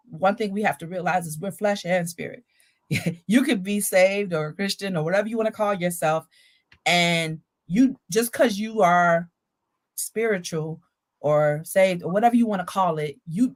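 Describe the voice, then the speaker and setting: A woman's voice: mid-range voice, moderate pace. A woman hosting a casual faith-based talk on emotional health, earnest and preacherly, repeating her points for emphasis. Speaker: podcast host.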